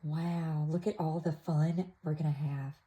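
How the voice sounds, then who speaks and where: A woman gently showing an activity book to toddlers, naming pictures in a soft, sing-song way. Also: deep voice, steady tone, measured pace, rough recording. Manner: soft, sing-song, with playful animal sounds. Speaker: toddler class teacher. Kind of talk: slow, gentle show-and-tell for toddlers.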